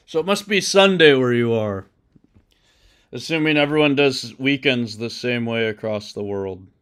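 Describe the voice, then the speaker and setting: A man's voice: mid-range voice, measured pace, long pauses, a bit bright, clear, resonant tone. A man streaming live while he codes, thinking aloud and chatting casually with viewers. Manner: thinks aloud, mutters code to himself.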